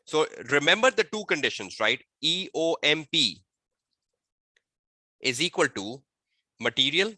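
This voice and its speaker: A man tutoring an online exam-prep webinar, firing repeated rhetorical questions at students and dictating model answers slowly. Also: a little high, bright, forceful tone, no room sound. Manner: slow, deliberate dictation of answer phrasing.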